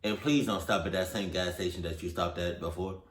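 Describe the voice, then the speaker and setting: A man's voice: sits low, steady tone, a little fast. A man giving casual reaction commentary in a loose, slangy, conversational way. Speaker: reaction video host. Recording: roomy echo.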